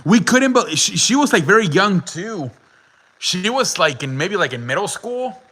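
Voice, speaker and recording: Bright-voiced young man telling a story. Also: sits high, very animated, moderate pace, poor audio. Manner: laughing often, swearing, many "like" fillers. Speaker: podcast host. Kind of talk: casual storytelling chat.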